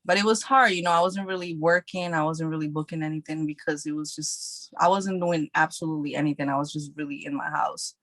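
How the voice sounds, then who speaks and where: A woman's voice: sits low, fairly even intonation, brisk, hardly any pauses, fairly bright tone, no echo. A woman actress talking casually as a podcast guest, chatty and repeating herself with lots of fillers. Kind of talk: casual interview chat.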